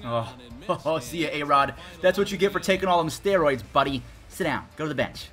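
Excitable young man with a bright voice. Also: fairly high pitch, soft background music. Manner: excitable, chatty, quick reactions. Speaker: gaming YouTuber. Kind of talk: gameplay commentary.

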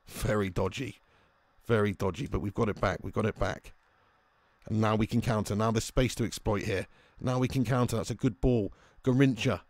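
A young man streaming a football video game, excitedly commenting, swearing at his players and greeting viewers in chat. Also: lowish voice, moderate pace, no echo. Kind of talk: live game commentary and chat shout-outs.

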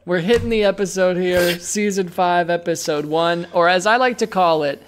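A woman's voice: on the low side, a little hiss or hum. A woman hosting a casual podcast, chatty and prone to laughing. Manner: chatty, slow, laughs often. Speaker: podcast host. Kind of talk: casual chat.

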